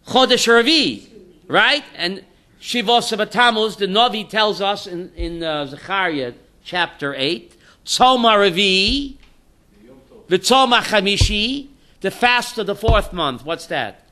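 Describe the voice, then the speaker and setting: Animated joking rabbi, bright high voice. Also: male voice, slow pace. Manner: animated storyteller, acts out quotes. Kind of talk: informal Torah class with jokes.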